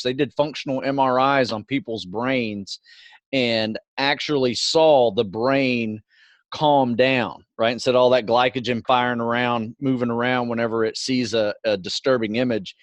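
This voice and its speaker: A middle-aged man co-hosting a podcast, explaining things in a relaxed, casual way and often adding "you know" and "right". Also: medium pitch, normal speed, no room sound. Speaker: podcast co-host.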